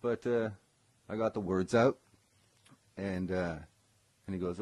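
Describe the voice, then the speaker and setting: Deep-voiced man rambling through a story. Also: slow, darkish tone, no echo. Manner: rambling, full of ums and self-corrections. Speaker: former session guitarist telling a personal story. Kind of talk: casual live-streamed storytelling.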